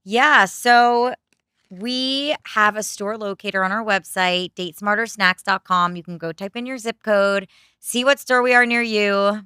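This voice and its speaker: A woman's voice: mid-range voice, steady tone, unhurried, pushed and bright, clear, resonant tone, dry recording, studio quality. A young woman chatting as a podcast guest, bubbly, laughing often and saying "like" a lot. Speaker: podcast guest, candy company founder. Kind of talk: casual podcast chat.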